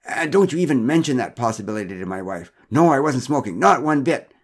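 A man's voice: fairly low pitch, expressive, fast, darkish tone. A man voicing a flustered middle-aged father who stammers and protests too much in a storybook reading.

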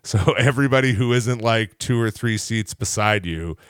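A man co-hosting a radio show, rambling and joking in casual chat, often trailing off softly. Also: lowish voice, normal speed, smooth, dry recording, studio quality.

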